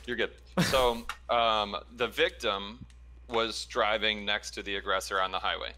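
Low bright-toned man telling a story. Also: a little slow. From Chicago area. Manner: relaxed storytelling with fillers and laughs. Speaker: ER trauma nurse, caller. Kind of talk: casual chat.

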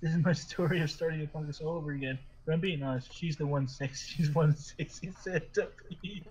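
A man's voice: a little high, fairly even intonation, fast talker, dull audio, slight background noise. A man hosting a podcast, reading silly stories aloud to friends and often breaking into laughter as he stumbles through them. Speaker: podcast host.

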